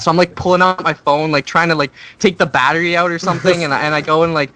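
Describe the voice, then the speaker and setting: A man's voice: fairly high pitch, fairly even intonation, very fast, few pauses, bright, forceful tone, no echo. A young man telling rambling anecdotes, full of fillers, during casual gameplay commentary. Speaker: gaming commentator.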